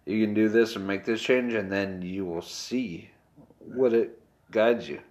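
Low-voiced man musing casually. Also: fairly even intonation, a little slow, darkish tone. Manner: reflective, loosely phrased musing. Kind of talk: casual chat.

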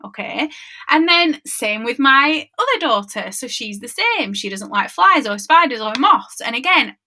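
Bright chatty woman. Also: high-pitched, animated, a little slow, a little hiss or hum. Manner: chatty, conversational, checks in with listeners often. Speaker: mindset coach and podcast host. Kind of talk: casual solo podcast talk.

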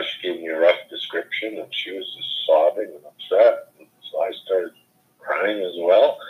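A middle-aged father telling a personal account in a subdued, plain, matter-of-fact way. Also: low voice. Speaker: bereaved father. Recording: dull lo-fi recording.

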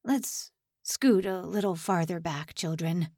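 A woman voicing a calm, kindly old male pastor in an audiobook, speaking gently and piously. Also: on the low side, slow, no echo, clean studio sound. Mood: tender.

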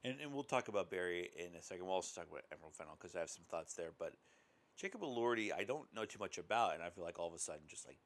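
A man's voice: low voice, animated, racing, a bit bright. A man co-hosting a podcast, chatting casually about movies and hesitating often with ums and uhs. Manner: rambling, hesitant with many ums. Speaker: podcast co-host. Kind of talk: casual film discussion.

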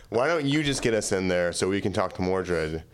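A man playing a tabletop game, goofy and drawn-out in his delivery. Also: sits low, animated, crowd noise. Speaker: player. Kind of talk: casual tabletop role-play.

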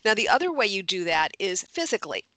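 A woman with a bright, forceful voice explains workplace tactics with emphatic confidence. The recording is close and dry, with no room sound around her. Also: medium pitch, very animated, fast talker, no echo. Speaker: communication coach. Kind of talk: advice in a radio-style interview.

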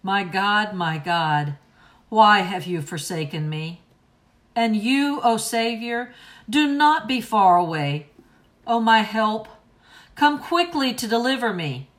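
A woman giving a solemn, deliberate liturgical reading of scripture at a service. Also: medium pitch, animated, fairly bright tone. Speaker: scripture reader.

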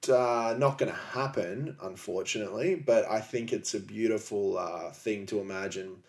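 A man's voice: fairly low pitch, normal speed. A man co-hosting a casual podcast chat, enthusiastic and playfully sarcastic. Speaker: podcast co-host.

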